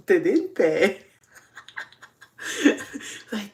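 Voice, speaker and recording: Give me a deep-voiced young woman telling funny confessions and laughing a lot. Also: unhurried. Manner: laughs often, confessional and animated. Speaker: host. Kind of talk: casual storytelling.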